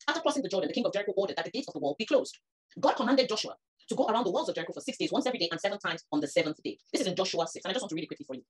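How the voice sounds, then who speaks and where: Lady preaching super fast, husky low-ish voice, builds up loud. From Nigeria. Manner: animated, rising to emphatic peaks. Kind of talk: sermon.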